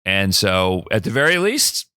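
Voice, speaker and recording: A middle-aged man tells a story in a relaxed, chatty way, slipping into the voices of the people in it. His tone is bright and forward, and the recording is close and dry with no room sound. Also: deep voice, measured pace, smooth, dry recording. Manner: animated, acts out dialogue in the anecdote. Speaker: podcast guest. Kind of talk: casual storytelling.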